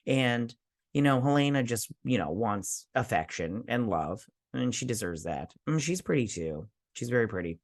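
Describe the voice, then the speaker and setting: A man's voice: medium pitch, normal speed, no room sound, clean studio sound. A man in a medium voice gives a loose, chatty recap of a television episode. He slips in and out of quoted lines with playful asides and plenty of filler words. He speaks as the host of a review show. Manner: animated storytelling, acting out characters' lines with fillers.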